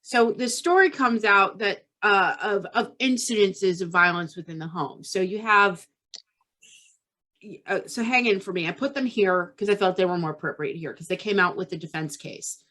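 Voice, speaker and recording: A woman's voice: medium pitch, moderate pace, few pauses, pushed and bright. Woman telling a crime story on a podcast, keeps saying okay?. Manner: keeps tagging lines with "okay?". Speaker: podcast host. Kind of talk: casual true-crime storytelling.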